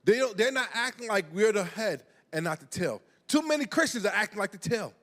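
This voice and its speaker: A man's voice: high voice, expressive, fairly quick, fairly bright tone. A middle-aged man preaching a sermon in a conversational way, restarting words and often asking "right?". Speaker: pastor. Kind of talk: sermon with personal storytelling. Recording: long hall reverb.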